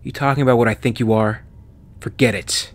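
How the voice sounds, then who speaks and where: A man's voice: fairly low pitch, fairly even intonation, normal speed, natural voice. A man reading an audiobook voices a cynical, short-tempered male pilot who turns sarcastic and raises his voice. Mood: angry sarcastic.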